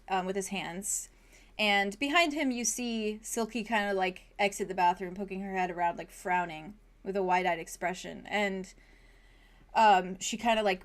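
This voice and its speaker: A woman narrates a tabletop game as its game master, her voice sitting at an ordinary middle pitch. She laughs often and fills her descriptions with ums and likes.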